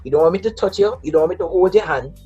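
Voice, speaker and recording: A man's voice: high voice, racing, dark tone, breathy edge, lo-fi sound, faint music behind. A man co-hosting a casual panel discussion, explaining his view in an earnest, good-humored way. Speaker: co-host.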